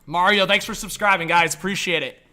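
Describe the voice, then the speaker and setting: A man live-streaming reaction commentary who chats to viewers and his dog, and swings between mumbling and shouting. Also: high voice, steady tone, a little fast, faint music behind.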